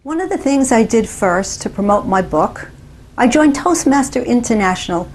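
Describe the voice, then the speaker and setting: A woman author telling her life story as a dramatic, deliberate first-person monologue. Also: fairly high pitch, animated, darkish tone.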